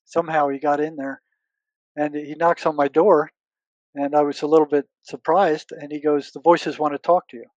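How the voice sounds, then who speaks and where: An older man speaks as an interview guest, his voice sitting a bit high for a man. He tells stories earnestly, repeating words as he searches for them and acting out old conversations. The sound is close and dry. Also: level tone, moderate pace, a little mellow, dry recording, lo-fi sound. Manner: relives past conversations, quoting himself and others. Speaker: guest, retired psychotherapist. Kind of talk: conversational storytelling.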